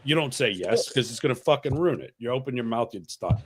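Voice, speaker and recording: A man hosting a casual podcast, telling a crude story with lots of swearing and animated asides. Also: mid-range voice, brisk, slight background noise. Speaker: podcast host.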